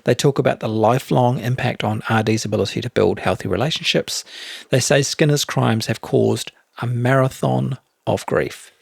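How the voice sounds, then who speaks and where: Gravelly New Zealand podcast narrator. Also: male voice, mid-range voice, dry recording, clean studio sound. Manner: measured, matter-of-fact storytelling. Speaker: podcast co-host. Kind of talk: true crime podcast narration.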